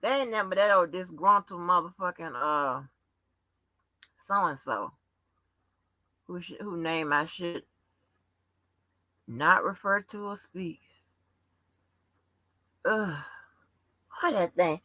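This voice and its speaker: Loud-mouthed woman on a live stream, swearing and teasing chat, slow bright swoopy voice. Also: fairly low pitch, no room sound, rough recording. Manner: brash, profane, teasing chat commenters. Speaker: livestream host.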